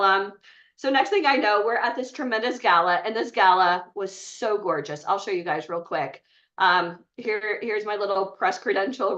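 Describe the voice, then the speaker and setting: A woman's voice: mid-range voice, fairly bright tone, distant mic, highs cut off. A woman speaking to a live group, retelling a personal story in a chatty way with many fillers. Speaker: bootcamp speaker.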